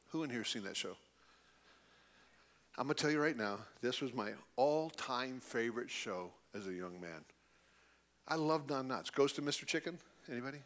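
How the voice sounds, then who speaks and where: A middle-aged man telling a story to a live audience and acting out the voices of the people he quotes. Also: mid-range voice. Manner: animated, acts out quoted voices. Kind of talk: storytelling talk.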